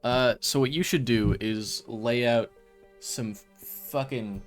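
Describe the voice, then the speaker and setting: A man's voice: medium pitch, slow, faint music behind. A man streaming a game, chatting to viewers in a rambling, self-mocking way. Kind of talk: casual live-stream chatter.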